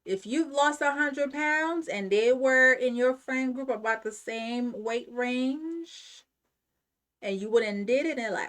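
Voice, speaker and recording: A woman's voice: sits high, slow, a bit bright. A woman hosting a motivational self-help talk, speaking emphatically and repeating her points like a preacher. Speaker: channel host.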